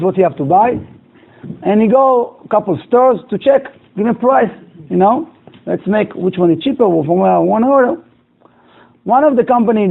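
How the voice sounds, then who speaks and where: Man, rabbi storyteller, high voice, gravelly, phone-like sound. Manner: animated storyteller acting out dialogue, broken English. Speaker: rabbi teaching a class. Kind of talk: telling a moral story in a class. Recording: tinny, phone-like lo-fi recording.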